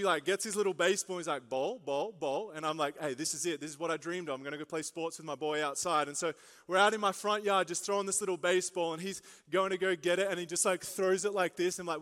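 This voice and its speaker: A young man preaching a sermon, telling a lively story with jokes and asides before turning to his main point. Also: high voice. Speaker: pastor. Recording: long reverb of a large hall.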